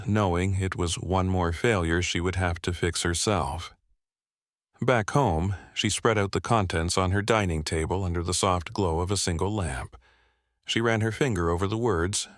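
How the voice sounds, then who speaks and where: Man, true-crime narrator, very low pitch, steady measured reading, dry recording. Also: no room sound.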